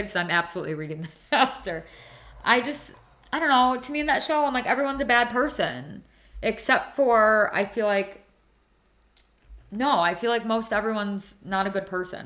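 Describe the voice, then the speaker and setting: Bright, chatty woman hosting a beauty livestream. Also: fairly low pitch. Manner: chatty, giggly, reacts to live comments. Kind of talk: casual chat while doing skincare.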